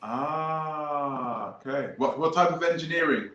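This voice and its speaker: A man's voice: a little high, slow, bright, forceful tone. A man hosts a live stream, talking in a casual, rambling way and hammering his points home by repeating them. His voice sounds echoey, as if recorded in a bare room, and a little muffled. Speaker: host.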